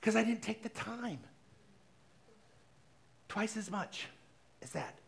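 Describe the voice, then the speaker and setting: A man's voice: high voice, expressive, slow, creaky. A middle-aged man, a minister, giving a conversational, playful sermon in a church, acting out little everyday dialogues. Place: church sanctuary.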